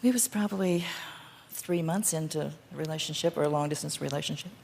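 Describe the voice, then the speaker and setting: A fast-talking older woman whose low voice is gravelly and husky. She is a guest on a talk show and answers curtly and defensively, standing firm on her side of things. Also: darkish tone. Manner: defensive, curt, insistent. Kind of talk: studio interview.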